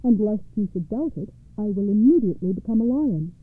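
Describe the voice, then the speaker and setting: A woman voicing a proud, cruel male ogre who speaks boastfully and takes offense quickly. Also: mid-range voice, lively intonation, no echo, soft background music, close to an everyday voice. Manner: boastful, indignant. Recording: tinny phone-like radio sound.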